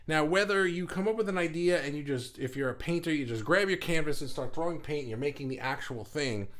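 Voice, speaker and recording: A man hosts a live art group stream from his desk, chatting loosely and rambling through fillers and restarts. His voice sits at an ordinary middle pitch, and he greets viewers as they arrive. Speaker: host of an online art group livestream. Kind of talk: casual livestream chat.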